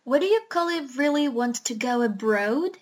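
A woman voicing a kind, absent-minded male doctor in a storybook reading, speaking slowly in a gentle murmur. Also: high voice, expressive. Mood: mild.

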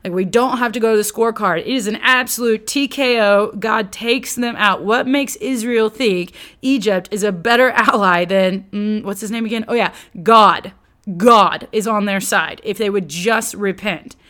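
A woman teaching on scripture, animated and chatty, her voice sitting at a middle pitch for a woman. She slips into quoted voices and casual slang, then slows down to stress a point. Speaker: Bible teacher.

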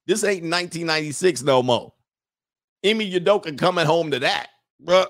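A man's voice: a little high, moderate pace, fairly bright tone. A man hosting a casual commentary show, talking bluntly with profanity and mocking jokes, laughing at his own remarks. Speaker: host.

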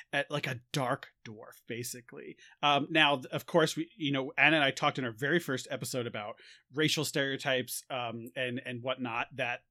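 Bright, lively man from New York. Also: medium pitch, no room sound, studio quality. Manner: animated, jokey, breaks into goofy voices. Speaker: podcast co-host. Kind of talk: casual chat.

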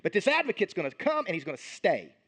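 Animated, high-voiced male pastor preaching. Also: quick pace. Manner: animated, conversational preaching with frequent restarts. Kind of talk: sermon.

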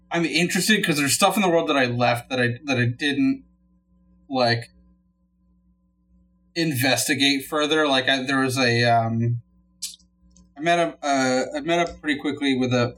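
Hesitant man with a bright voice. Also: medium pitch, low-quality recording. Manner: halting, searching for words. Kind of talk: casual chat.

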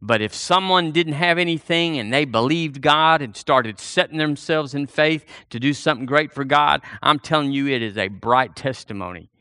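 A man's voice: a little high, moderate pace, hardly any pauses, pushed and bright, clear, resonant tone, dry recording, clean studio sound. A man preaching a fervent sermon, repeating phrases and drawing the congregation in. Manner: fervent, repetitive preaching with call-and-response.

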